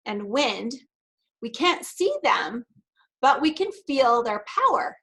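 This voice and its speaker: Woman speaker at an online conference, a little high-pitched, chatty storytelling that shifts into read-out remarks. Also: sharp tone, poor audio. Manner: conversational storytelling with laughs; partly reading prepared remarks. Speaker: NLP practitioner and speaker. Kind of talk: virtual conference presentation.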